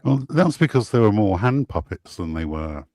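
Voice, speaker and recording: A man co-hosting a casual live-stream chat, speaking with a very low voice. He talks hesitantly, with many fillers. The sound is dry and close. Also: very animated, normal speed, a little mellow, dry recording.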